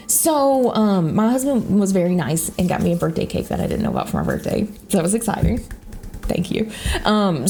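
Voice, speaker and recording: A young woman with a Southern US accent, rambling through casual stories while she plays a game, swearing freely. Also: on the high side. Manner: rambling, animated, swears freely, frequent laughter. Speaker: YouTuber. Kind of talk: casual storytelling chat.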